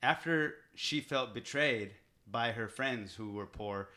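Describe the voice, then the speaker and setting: A man's voice: mid-range voice, slow, bright, forceful tone. A man hosting a casual podcast chat, recapping a film plot, swearing loosely and talking to listeners. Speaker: podcast host.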